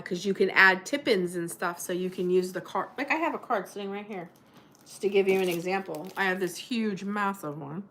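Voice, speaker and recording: A woman's voice: lowish voice, fairly bright tone. A woman hosting a livestream, chatting casually and explaining paper crafts with lots of fillers. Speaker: livestream host.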